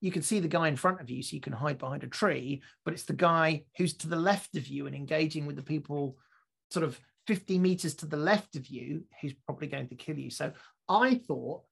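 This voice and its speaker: A man co-hosting a casual podcast, his voice gravelly with a husky edge. He tells stories with energy and often repeats and restarts his words mid-thought. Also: on the high side, brisk. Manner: animated storyteller, restarts and repeats words while thinking. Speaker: podcast co-host.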